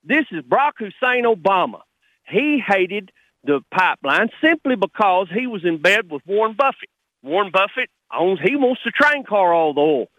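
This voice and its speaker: A man's voice: sits high, big pitch swings, moderate pace, no echo, muffled recording. A middle-aged man, a radio caller talking in a blunt, fired-up, rambling way. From Texas. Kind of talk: call-in radio talk.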